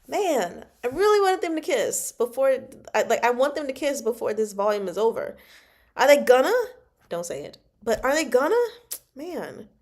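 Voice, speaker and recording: A woman's voice: on the high side, very animated, normal speed. A young adult woman hosting a casual book chat, playful and laughing often as she reacts to a novel. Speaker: book club host reading and reacting.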